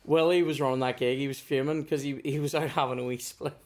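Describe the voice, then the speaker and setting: Northern Irish male comic, relaxed anecdote-teller, sweary, plays out other people's lines. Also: medium pitch, fast talker. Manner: swears freely, acts out others in his stories. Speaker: comedian guest. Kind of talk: casual storytelling chat.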